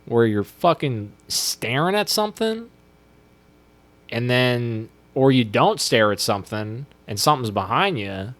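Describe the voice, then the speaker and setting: A man co-hosting a movie podcast in casual chat, excitable and profane, rambling with many fillers. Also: medium pitch, a little slow. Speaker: podcast co-host.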